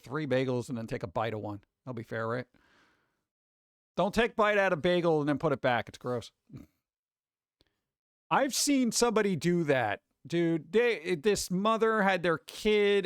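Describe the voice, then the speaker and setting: High-voiced man rambling. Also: no echo, studio quality. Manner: rambling, acts out other people's voices. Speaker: livestream host. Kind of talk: casual stream chat.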